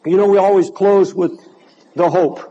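Older pastor preaching with a husky voice. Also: male voice, high-pitched, steady tone, moderate pace, mellow, muffled recording. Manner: impassioned preaching, repeats words. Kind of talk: sermon.

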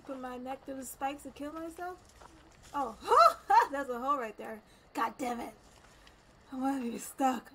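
Jumpy woman gamer, fairly high voice. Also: unhurried, bright, forceful tone, rough recording. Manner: jumpy, exclaiming, repeats herself when nervous. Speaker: gamer streaming a horror game. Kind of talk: casual let's-play commentary. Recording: noticeable background noise.

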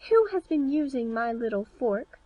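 A woman voicing seven little dwarf men in a storybook reading, speaking in high, excited exclamations. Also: moderate pace, highs cut off. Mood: puzzled.

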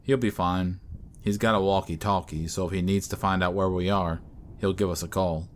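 A man with a low voice voicing a calm, kindly older brother on a hunting trip, easygoing and reassuring. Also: normal speed, slight background noise, lightly acted.

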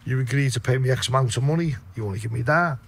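A man's voice: mid-range voice, fast talker, vocal fry, breathy edge. A man from Liverpool with a Liverpool accent, telling a story as a podcast guest, blunt and full of swearing. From Liverpool, England. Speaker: podcast guest, debt collector.

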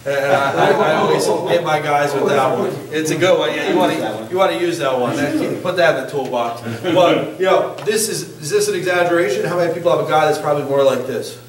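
Chatty singing coach in an echoey room. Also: male voice, a little high, brisk, hardly any pauses. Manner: chatty, joking, asks the group questions. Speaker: singing instructor. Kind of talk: casual workshop teaching. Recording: echoey room, distant mic.

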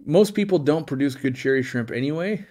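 A middle-aged man hosting a live stream answers viewers' questions in a casual Q&A, blunt and opinionated, rambling with many restarts. His slightly high voice is animated, fairly quick and a little mellow.

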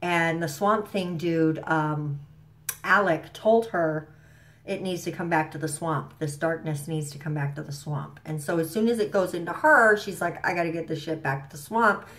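Woman vlogger, slightly low voice, stuffy, casual slangy show recap to camera. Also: measured pace, fairly bright tone. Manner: chatty, rambling, enthusiastic, with frequent fillers and slang. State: stuffy from allergies.

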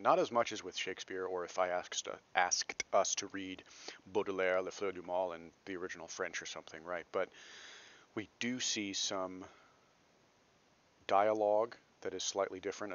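A very low-voiced man from Texas walks through a literature lecture in a chatty, self-deprecating way. His tone is bright and forceful despite the depth. The recording is dull and lo-fi. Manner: conversational, self-deprecating asides, frequent "right?".

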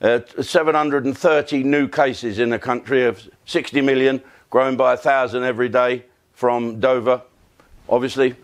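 A man's voice: mid-range voice, fairly even intonation, moderate pace. An older man, a comedian telling rambling stories in a profane, self-mocking way. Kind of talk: comic monologue, casual storytelling.

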